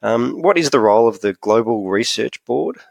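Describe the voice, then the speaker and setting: A man's voice: mid-range voice, lively intonation, moderate pace, creaky, dry recording. A man hosting a casual podcast chat in an easygoing, agreeable way. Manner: easygoing, agreeable, lots of "yeah". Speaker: podcast host.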